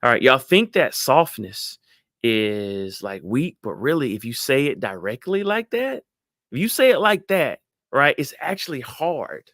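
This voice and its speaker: A middle-aged man, giving lively motivational advice to an audience and acting out voices. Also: medium pitch, a little slow, no echo, studio quality. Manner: animated, acts out quoted voices, addresses audience as y'all. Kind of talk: motivational talk to a live audience.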